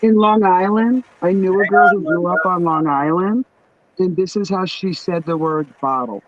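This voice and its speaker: A middle-aged woman with a New York accent hosts a livestream, chatting bluntly with family and often swearing and laughing. Her pitch is fairly low and her speed normal. The recording sounds dull and muffled, with a little hiss or hum.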